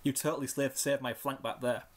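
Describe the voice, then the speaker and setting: A man's voice: medium pitch, fairly even intonation, fairly quick, close to an everyday voice. A man voicing a brash, tomboyish young female pegasus in a fan fiction reading, cocky and teasing but awkward about feelings.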